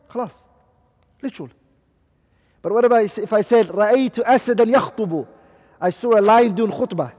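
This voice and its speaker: A man with a high voice teaches a class and checks often that his students are following. He says each Arabic term, then gives its English meaning. The sound carries a long hall reverb. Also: moderate pace, pauses often, a little mellow. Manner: asks the class questions, repeats and translates Arabic terms. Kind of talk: classroom lecture.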